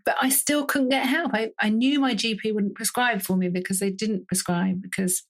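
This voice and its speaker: A woman's voice: mid-range voice, normal speed, few pauses. British woman, 50s, candid, chatty guest who laughs easily. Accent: British English. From Britain. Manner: lively, laughs often, tells stories with quoted speech. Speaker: doctor being interviewed. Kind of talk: candid conversational storytelling.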